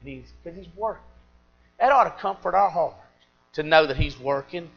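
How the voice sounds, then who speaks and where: A middle-aged man preaching a sermon, swinging between loud emphatic peaks and quiet confiding asides. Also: on the high side, lively intonation, normal speed, highs cut off.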